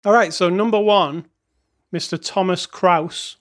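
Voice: mid-range voice, measured pace. A laid-back podcast co-host with a mid-range voice talks through a film in casual chat. The delivery is jokey, with chuckles slipped in between remarks. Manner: jokey, chuckles, reads reviews aloud wryly. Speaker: podcast co-host reviewing films.

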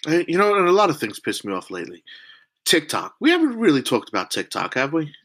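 A man's voice: fairly high pitch, wildly swooping pitch, fast talker, fairly bright tone, slightly rough. A man in loose, casual podcast chat with his co-host. He swears freely and talks bluntly, and he gets worked up easily. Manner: blunt, profane, easily riled.

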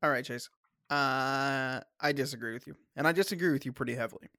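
A man hosting a casual sports podcast, opinionated and halting, often restarting his sentences, with a bit of a cough. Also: mid-range voice, sharp tone, no echo, clean studio sound. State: coughing, clearing throat. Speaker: podcast host.

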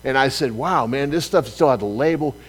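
A man preaching a sermon, telling a personal story with lively acted-out dialogue. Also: medium pitch, a little fast, husky, poor audio. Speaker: pastor.

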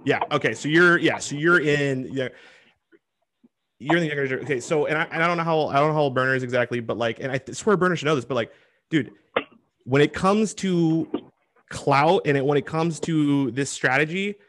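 A man hosting a casual interview, giving his views in a halting way with lots of repeated words. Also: on the high side, a bit bright.

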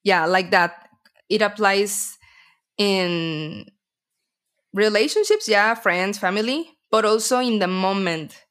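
Slow-speaking gentle woman co-host. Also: medium pitch. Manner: gentle, reflective, laughs often. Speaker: podcast co-host. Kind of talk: casual chat.

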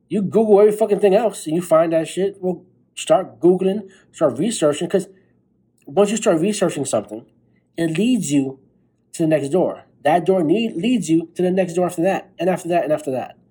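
Young male podcast host, husky and mellow, tired late-night swearing pep talk. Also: sits high, normal speed, poor audio. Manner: blunt, profane, fired-up pep talk. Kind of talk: motivational monologue.

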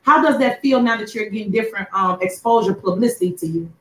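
A woman's voice: medium pitch, fast talker. A woman interviewing a guest, asking long rambling questions and answering with short affirmations. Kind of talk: casual interview. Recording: roomy echo.

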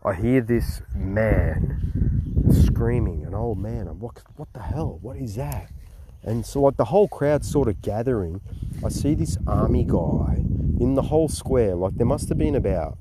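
A man's voice: fairly low pitch, a little slow. A man with an Australian accent telling a travel story in a rambling way, swearing often and restarting sentences. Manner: rambling and profane, with many restarts. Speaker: travel vlogger. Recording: noisy recording with clicks. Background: steady background noise.

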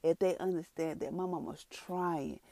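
Low, gravelly-voiced woman giving an earnest testimony. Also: normal speed, no room sound. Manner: earnest, conversational, storytelling with lively quoted reactions. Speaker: mother sharing a testimony. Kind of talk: emotional personal testimony to viewers.

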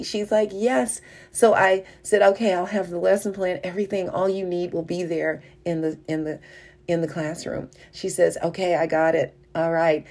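An older woman, a mother and wife, telling a personal testimony story, animated and laughing as she goes. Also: fairly low pitch, gravelly. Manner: animated, rising when excited, laughs while telling.

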